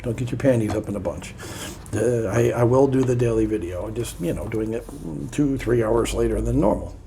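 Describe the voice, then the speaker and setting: A man's voice: mid-range voice, normal speed, mellow, slight background noise. A man reading aloud from a self-help book and adding playful, sarcastic comments in a casual vlog.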